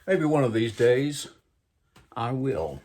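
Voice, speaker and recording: A man's voice: mid-range voice, sing-song, slow pace, a little mellow. A man hosting his own channel, rambling through casual reading and commentary with a wry, self-deprecating manner. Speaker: channel host. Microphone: webcam framing.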